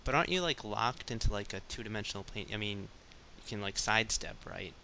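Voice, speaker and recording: A man's voice: on the low side, brisk, creaky, sharp tone. A man co-hosting a casual gaming podcast, rambling with lots of fillers. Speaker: podcast co-host. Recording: dull lo-fi with faint hiss.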